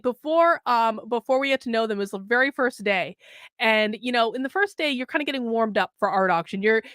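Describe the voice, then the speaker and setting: A woman's voice: a little high, fairly bright tone, no echo, studio quality. A woman hosting a news commentary show, reading an article aloud and mocking it sarcastically.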